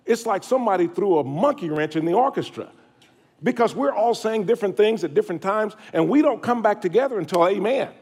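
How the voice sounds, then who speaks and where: A man's voice: high-pitched, animated, brisk, darkish tone, husky. Middle-aged man, Sunday sermon, joking and folksy delivery. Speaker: pastor. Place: church sanctuary.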